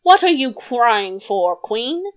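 A woman voicing a grumpy, pompous king who blusters and bickers, in a slightly lower version of her own voice. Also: big pitch swings, takes it slowly. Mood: grumbling, bickering. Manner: gruff, blustering. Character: grumpy, pompous middle-aged king who hates puns.

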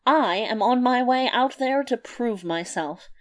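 Storybook tailor: small, cheerful, cocky man, loud emphatic boasts, played by a woman narrator. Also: on the high side, lively intonation, a little slow, pitched above the performer's own voice.

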